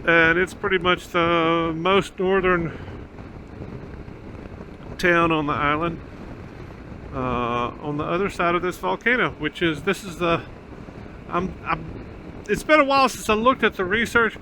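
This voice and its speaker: This is a male motorcycle vlogger giving casual ride-along commentary through a helmet mic as he rides a country road outdoors, rambling and using lots of fillers. He speaks at a measured pace in a slightly high, bright, forceful voice, with a little hiss or hum.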